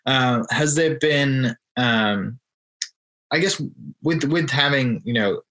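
A man hosting a podcast interview, asking questions haltingly with many restarts. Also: mid-range voice, fairly bright tone, poor audio. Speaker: podcast host. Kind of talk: casual interview chat.

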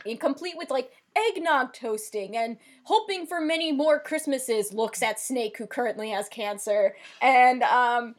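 A woman's voice: fairly high pitch, unhurried, hardly any pauses. A woman co-hosting a podcast, emphatically recapping a TV show and swearing freely. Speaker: podcast co-host. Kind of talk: casual chat recapping a TV show.

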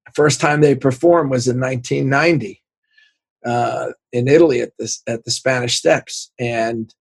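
A man in his sixties with a gravelly, husky voice spins lively stories for an interviewer. He slips into the voices of the people he quotes, and his recording is close and dry with no room sound. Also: medium pitch, dry recording. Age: 60s. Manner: animated anecdotes, acts out quoted voices, laughs often. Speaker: sports executive guest. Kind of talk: casual storytelling interview.

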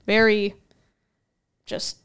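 A woman's voice: drawn-out words, a bit bright. A woman co-hosting a faith podcast, talking earnestly and reflectively in long flowing runs. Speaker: podcast co-host. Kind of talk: casual faith talk.

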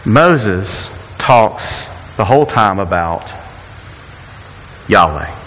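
Animated pastor preaching in a hall. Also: male voice, on the low side, extremely slow, a little hiss or hum. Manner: conversational, repeats words, asks rhetorical questions. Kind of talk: sermon.

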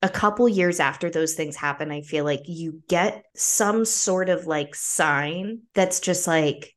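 A young woman hosting a casual podcast, candid and animated, with frequent "like" fillers. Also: lowish voice, a little slow, hardly any pauses. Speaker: podcast host. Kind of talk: casual conversation.

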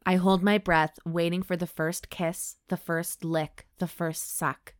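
A woman hosting a comedy podcast, reading an erotic story aloud in a deadpan voice between jokes. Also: fairly low pitch, unhurried, dry recording, clean studio sound. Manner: deadpan reading broken by laughing asides. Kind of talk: dramatic reading with comic banter.

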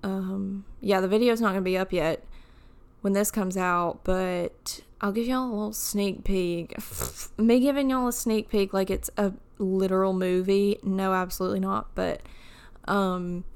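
Slow, smooth-voiced young woman podcaster. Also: medium pitch, steady tone, darkish tone. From United States. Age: 20s. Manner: chatty, jokey, wandering tangents. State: groggy morning voice. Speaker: podcast host. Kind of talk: casual solo podcast chat.

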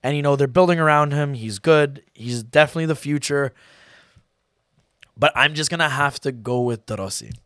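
A young man co-hosting a casual football podcast, talking in an animated, rambling way and swearing freely. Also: fairly high pitch, moderate pace, dry recording, studio quality. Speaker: podcast co-host.

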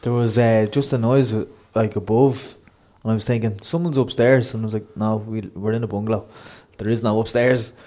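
A man's voice: fairly low pitch, little pitch movement, brisk, dark tone. A man on a live podcast from a hotel, telling rambling anecdotes in casual chat.

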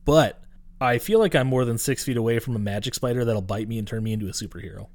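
A man co-hosting a podcast, recapping a movie in casual, profane, rambling chat and dropping into quick character voices. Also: mid-range voice, darkish tone, no room sound. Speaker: podcast co-host.

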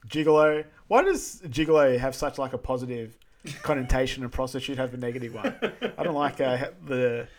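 A man's voice: medium pitch, a little fast. A young man co-hosting a podcast, casually recapping a comedy film and laughing often as he retells scenes. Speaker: podcast co-host. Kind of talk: casual movie recap chat.

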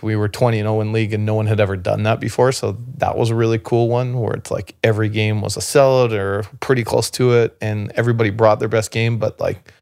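A man from Canada with a lowish, gravelly voice rambles through a long story on a podcast. His talk is loose and full of fillers and restarts. The recording is close and dry, with no room sound. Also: a little mellow, dry recording. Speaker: podcast guest, former basketball player. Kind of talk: casual storytelling conversation.

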